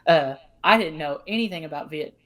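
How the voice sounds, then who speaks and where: A woman with a Southern US accent and a low, deep voice hosts a relaxed podcast conversation. She talks in a chatty, easygoing way, with stories and asides. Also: brisk. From American South. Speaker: host. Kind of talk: casual podcast chat.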